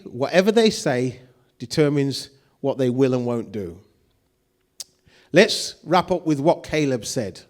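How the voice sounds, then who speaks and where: A man's voice: fairly high pitch, a little mellow. A man preaching a sermon, acting out quoted voices and putting questions to the congregation. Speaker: pastor.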